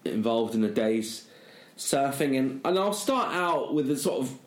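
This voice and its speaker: A man's voice: medium pitch, lively intonation, a little slow, roomy sound. A middle-aged man, co-hosting a casual chat and telling a long self-mocking story, full of fillers. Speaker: podcast co-host.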